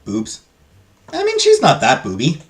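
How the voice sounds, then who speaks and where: Brief: male let's play host, slightly high voice that swoops widely, rambling jokey commentary. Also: wildly swooping pitch, a little slow. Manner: rambling, jokey asides with fillers. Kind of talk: casual gameplay commentary.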